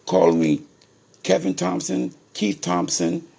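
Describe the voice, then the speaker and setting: A middle-aged man from Ohio speaks in a gravelly, husky voice that sits a touch high for a man. He talks straight to his viewers in a casual, emphatic monologue, circling back and repeating his points as he tells his story. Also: sing-song, unhurried, warm tone. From Ohio, USA. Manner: emphatic and repetitive, addresses viewers as "people". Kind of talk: casual direct-to-camera monologue.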